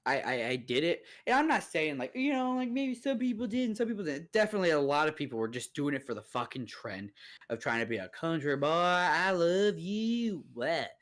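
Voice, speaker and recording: A man's voice: a little high, expressive, fast, fairly bright tone. Profane ranting man from the Midwest. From American Midwest. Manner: profane, ranting, laughs often. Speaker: podcast guest. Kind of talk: casual chat.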